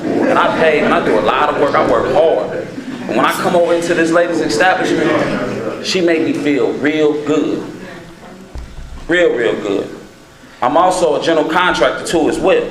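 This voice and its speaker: Folksy man in his forties, echoey room. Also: mid-range voice. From Cincinnati. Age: 40s. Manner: folksy, informal, rambling. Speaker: public commenter, city worker. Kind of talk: public comment. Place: council chamber.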